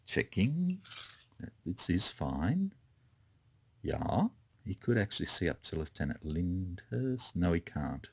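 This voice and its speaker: A man thinking aloud and counting as he plays through a tabletop wargame, muttering to himself as he moves pieces. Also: lowish voice. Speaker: board game player. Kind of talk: solo tabletop wargame playthrough commentary.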